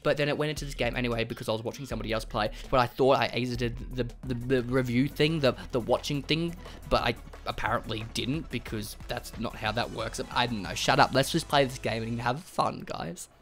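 A gaming host giving let's play commentary, excitable and swearing, swinging from mutters to shrieks. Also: medium pitch, brisk.

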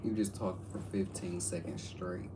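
A man's voice: low-pitched, unhurried, distant mic, noisy background. A man teasing and mocking his partner in a comedy skit. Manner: teasing, mocking, lively swings.

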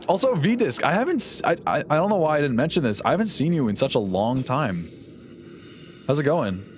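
A man's voice: fairly high pitch, very animated, fairly quick. Young guy streamer rambling to chat, sarcastic and jokey, faint background noise. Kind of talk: casual live-stream chat while gaming.

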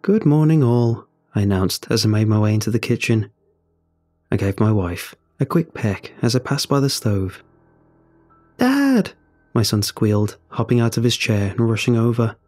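A man narrating a first-person horror story in a measured, even storytelling voice. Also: lowish voice, faint music behind.

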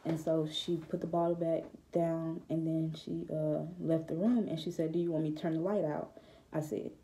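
A woman's voice: low-pitched, flat delivery, moderate pace, mellow. A young woman giving a hesitant, reflective personal testimony straight to the camera, with many fillers. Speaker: vlogger.

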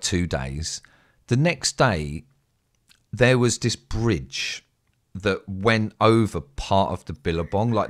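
An English man telling a rambling, sweary story in a casual, animated way as a streamer. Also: low-pitched. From England.

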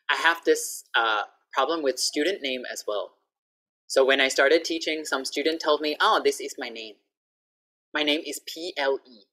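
In an online lesson over video call, a woman teaches English pronunciation, clearly and patiently saying each word again. She speaks at a moderate pace in a low, slightly bright voice with lively intonation.

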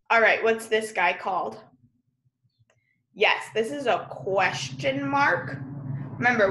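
A woman's voice: fairly high pitch, reverberant, slight background noise. A woman teacher leading a remote class lesson, spelling words out letter by letter and calling her students friends. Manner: warm encouraging teacher talk, addresses class as friends.

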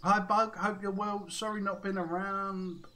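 A man's voice: sits high, little pitch movement, measured pace, bright, forceful tone. A man live-streaming a fishing game, chatting casually and reading viewer messages aloud.

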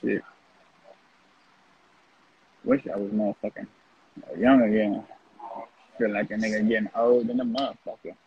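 A brash man talks in a blunt, mocking monologue full of swearing. His voice is gravelly and deeply hoarse, with a rough crackle at the bottom. It comes through thin, phone-like lo-fi audio. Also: steady tone, a little slow, long pauses. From North Richmond, California. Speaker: former prison inmate telling his story. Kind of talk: casual profane monologue.

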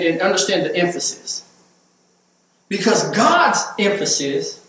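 A man's voice: high-pitched, a bit bright, slight background noise. A man preaching a sermon as pastor, repeating words as he builds to emphatic points. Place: church sanctuary. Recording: echoey church hall, mic at a distance.

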